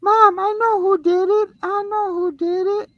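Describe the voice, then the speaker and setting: A man's voice: little pitch movement, unhurried, no echo, lo-fi sound. A man putting on the voice of a small boy who whines and tattles to his mom. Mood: whining. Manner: high whining kid voice.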